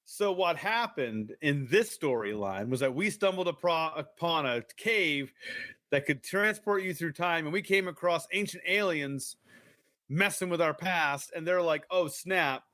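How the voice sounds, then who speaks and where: A man co-hosting a casual podcast, reading aloud from a kids' book and joking between lines. His voice sits a little high and swings widely in pitch. The recording is close and dry. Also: unhurried, no echo. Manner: animated, joking, reads aloud with playful asides. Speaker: podcast co-host.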